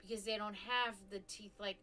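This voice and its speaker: A woman's voice: mid-range voice, fairly even intonation, moderate pace, sharp tone, faint music behind. A woman hosting a live stream, chatting casually and rambling, with frequent restarts and offhand swearing. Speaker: stream host.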